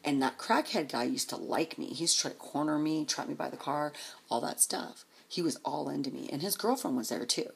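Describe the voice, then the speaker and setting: Low gravelly-voiced woman telling stories. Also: fairly quick. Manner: rambling, profane, chuckling. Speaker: vlogger. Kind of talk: casual storytelling.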